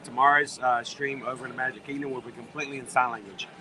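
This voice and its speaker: A hoarse man hosts a casual livestream outdoors, his voice worn and strained as he chats and thanks viewers. His pitch sits mid-range for a man. Busy park noise and passing vehicles run clearly behind him. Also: little pitch movement, fast talker, bright, forceful tone. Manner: chatty, thanks viewers for tips. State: losing his voice. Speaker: livestream host. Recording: noisy outdoor park ambience.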